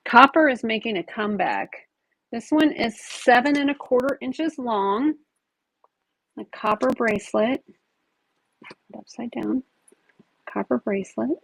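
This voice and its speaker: A woman hosting a live auction with a gravelly, fry-edged voice, talking in an easygoing, chatty way as she shows off each piece. The sound is dry and close, with no room echo. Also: a little high, unhurried, pauses often, fairly bright tone. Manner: chatty, describes items while handling them. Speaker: online jewelry seller running a live auction. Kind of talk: casual live-stream selling chat.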